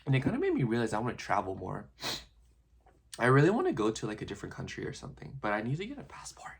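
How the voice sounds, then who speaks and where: A man's voice: mid-range voice, wildly swooping pitch, fast talker, vocal fry, husky. A young man talking in a casual personal vlog, rambling and reflective, full of "like" and restarts. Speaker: vlogger.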